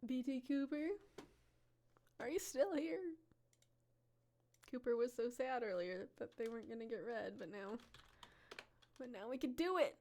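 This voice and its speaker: A woman's voice: fairly high pitch, measured pace, long pauses, mellow, a little hiss or hum. Giggly woman hosting a live stream. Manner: laughs often, chatty with viewers. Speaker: live-stream storyteller host. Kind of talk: casual live-stream reading.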